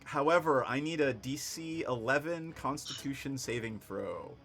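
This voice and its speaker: With lively intonation and a somewhat bright mid-range voice at normal speed, a man narrates a tabletop game as its game master. Over online voice chat he keeps things easygoing, laughing often with his players.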